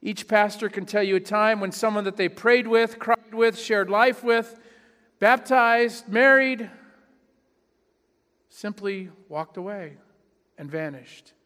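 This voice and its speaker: A male pastor with a high voice delivers a sermon in an easy, conversational way, owning up to his own failings and acting out the voices of people he imagines. His words ring out with the long reverb of a church hall. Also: slow, bright, forceful tone, clean tone. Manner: conversational, self-deprecating preaching with mock voices.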